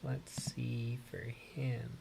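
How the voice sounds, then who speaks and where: A man hosting a live stream, thinking aloud in an unhurried way with pauses and fillers. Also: mid-range voice, completely flat delivery, gravelly, mellow, slight background noise. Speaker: host. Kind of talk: casual live-stream commentary.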